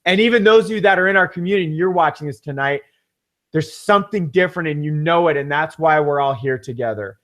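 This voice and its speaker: A man co-hosting a webinar, giving a fervent, rambling sales pitch that repeats his points for emphasis. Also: quick pace, a bit bright. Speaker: webinar co-host pitching a business system.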